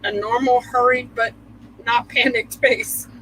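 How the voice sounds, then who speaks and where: Bright, teasing female co-host. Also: on the high side, fairly even intonation, measured pace, slight background noise, rough recording. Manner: teasing, wry. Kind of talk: casual chat.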